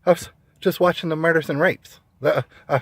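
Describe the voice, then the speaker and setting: A man's voice: on the high side, fairly even intonation, a little fast, no echo, voice pushed up. A man voicing a dazed woman TV viewer, startled and stammering repeated "what"s.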